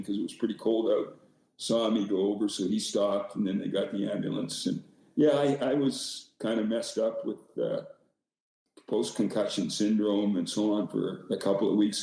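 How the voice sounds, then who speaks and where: An older man guesting on a podcast, easygoing and self-deprecating as he rambles through old stories. His voice is low and mellow. The sound is heavily echoey, like a remote call from a bare room. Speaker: podcast guest, former hockey coach. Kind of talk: casual storytelling.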